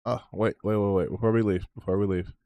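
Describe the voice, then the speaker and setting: A man's voice: lowish voice, fairly even intonation, fast talker, mellow. A man streamer closing out his stream in a rambling, self-promoting chat, swearing freely as he talks. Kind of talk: casual stream sign-off chat.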